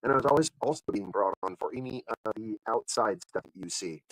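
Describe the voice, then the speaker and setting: A man's voice: fairly low pitch, brisk, no room sound, poor audio. A man hosting a live online show, telling a long story in a casual, rambling way and acting out the other people's lines. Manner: animated, acts out other people's lines in the stories; rambling, with frequent fillers and restarts. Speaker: livestream show host.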